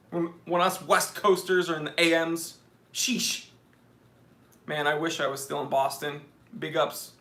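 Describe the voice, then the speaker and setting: A man's voice: a little high, bright, forceful tone. A man hosting a casual live stream Q&A, chatting and joking while reading out viewer comments. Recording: echoey room.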